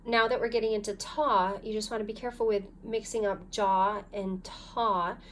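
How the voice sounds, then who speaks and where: A woman's voice: mid-range voice, steady tone, moderate pace, slight background noise. A woman teaching a recorded phonics lesson, guiding learners patiently step by step and sounding out syllables. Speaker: language teacher.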